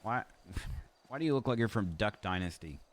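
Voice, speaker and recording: Young man, very deep voice, teasing and blunt, game role-play chat. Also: expressive, normal speed. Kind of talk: casual in-character game chat.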